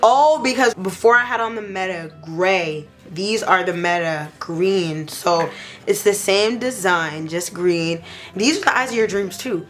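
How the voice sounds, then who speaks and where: A young woman in a casual beauty review vlog, talking playfully and gushing with excitement. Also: mid-range voice, normal speed, soft background music. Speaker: beauty vlogger.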